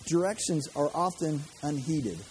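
A man's voice: on the high side, unhurried, a little mellow, slight background noise. A man preaching a sermon as pastor, chatty and conversational, with joking asides to the congregation.

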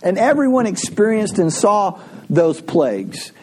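A male pastor preaching a sermon in a relaxed, conversational way, telling stories and laughing often. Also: high-pitched, a little slow. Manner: conversational, animated storytelling with frequent laughs.

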